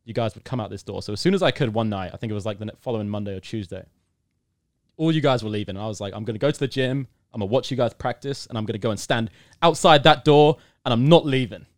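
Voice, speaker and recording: Talking fast in a medium-pitched voice, a young UK man on a podcast relates a long anecdote in a casual interview. He animates the story by acting out quotes and occasionally gets loudly excited. The recording is dry and studio quality.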